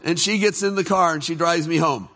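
A middle-aged man preaching a testimony sermon, telling his story with animated laughter, turning soft and hushed when he reflects. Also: a little high, fairly quick, background noise.

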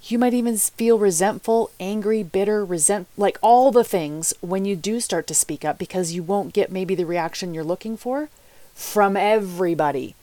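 A woman's voice: mid-range voice, normal speed, mellow, dry recording. A woman life coach giving motivational podcast talk, chatty and candid, speaking straight to her listeners.

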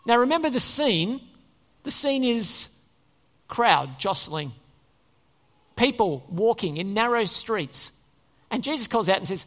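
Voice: mid-range voice, sing-song, normal speed, fairly bright tone. A preacher giving a conversational sermon and often asking the congregation questions. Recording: long reverb in a church hall.

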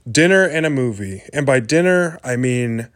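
A man giving a thoughtful, measured recorded answer as a podcast guest. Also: mid-range voice, animated, fairly bright tone, no room sound, clean studio sound. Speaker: guest, a host's boyfriend.

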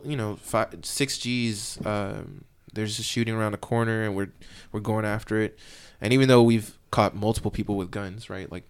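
A man speaks in a low, gravelly voice as he recounts his time as a police officer. His talk is loose and rambling, full of fillers and restarts. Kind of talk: casual storytelling in an interview.

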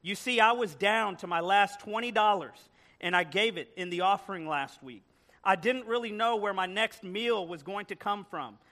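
A man voicing an elderly churchgoing woman who testifies fervently and shouts her praise. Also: medium pitch, normal speed, natural voice. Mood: grateful. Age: older.

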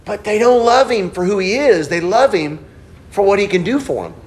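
Speaking at normal speed, a middle-aged man delivers a sermon as pastor. He tells stories and swings from quiet, low moments to lively bursts.

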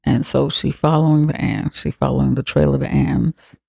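Gravelly, profane film-recap podcaster. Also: medium pitch, level tone, moderate pace, dark tone, no room sound, clean studio sound. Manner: rambling, profane, filler-heavy. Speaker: podcast host.

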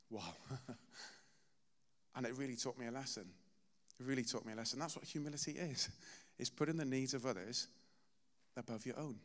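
A man's voice: mid-range voice, normal speed. A man preaching a sermon in a church, telling personal stories in a conversational, self-deprecating way. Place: church hall. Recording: reverberant hall.

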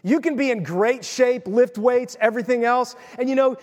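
A man delivers a sermon with animated, chatty energy, dropping into playful asides. His voice sits fairly high for a man. The long reverb of a large church hall trails after every phrase. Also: normal speed. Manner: animated, conversational preaching with playful acted asides. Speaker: pastor.

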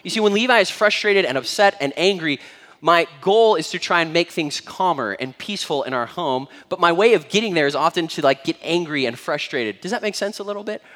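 Animated male pastor in a reverberant hall. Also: a little high. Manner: conversational and animated, acts out everyday moments. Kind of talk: sermon.

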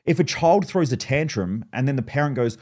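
A man's voice: mid-range voice, brisk. Blunt man telling stories. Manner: blunt, profane, animated storytelling. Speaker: podcast host. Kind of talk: podcast monologue.

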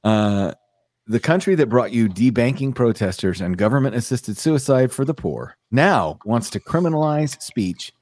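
A man's voice: medium pitch, expressive, normal speed, a little mellow, no room sound. A man hosting a casual podcast, reading news aloud with a sardonic edge. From United States. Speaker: podcast host.

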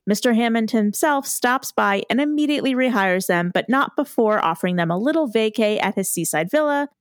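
A woman's voice: on the high side, smooth, dry recording, clean studio sound. A young woman co-hosting a casual podcast, chatting in a giggly, self-deprecating way. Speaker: podcast co-host.

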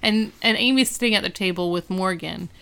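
Woman with a smooth, clear voice. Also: medium pitch, brisk. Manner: animated, retells scenes with quoted lines. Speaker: podcast co-host recapping a TV episode. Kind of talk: casual chat.

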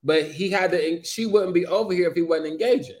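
A man with a somewhat high voice talks on a podcast in slangy, casual speech, raising question after question to steer the talk. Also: brisk, background noise. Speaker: co-host.

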